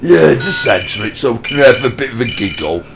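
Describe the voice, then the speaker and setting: A man's voice: mid-range voice, sing-song, brisk, creaky, loud music behind the voice, poor audio. Rowdy young man with a Yorkshire accent. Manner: rowdy, squabbling, swears mildly. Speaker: channel host. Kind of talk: improvised comedy banter.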